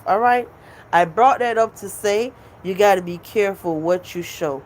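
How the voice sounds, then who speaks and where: A woman's voice: medium pitch, slight background noise. A woman hosting her own live stream, venting at her critics in a casual, profane, emphatic way and repeating her points.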